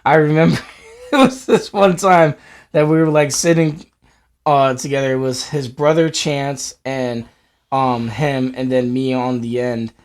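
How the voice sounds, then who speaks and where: A man's voice: mid-range voice, fairly even intonation, unhurried. A young man co-hosting a casual chat, laid back and profane, laughing as he remembers school bus stories. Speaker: podcast co-host.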